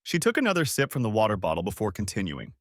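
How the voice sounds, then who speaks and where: Expressive male audiobook narrator. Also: lowish voice, quick pace, dry recording, clean studio sound. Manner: expressive storytelling read. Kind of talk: scripted narration.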